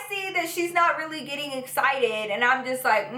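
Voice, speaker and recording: A young woman with a high, bright voice tells a storytime to her viewers. She is animated and profane and acts out every twist dramatically. The room around her sounds echoey. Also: moderate pace, hardly any pauses. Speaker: vlogger. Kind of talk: storytime vlog.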